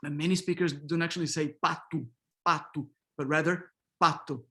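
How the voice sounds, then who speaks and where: A man's voice: fairly high pitch, brisk, a bit bright. A man teaches pronunciation in an online workshop, speaking through a video-call microphone. He models each sound by saying example words several times in a row. He keeps checking in with his listeners, asking "okay?" and "right?". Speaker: linguistics professor leading a workshop.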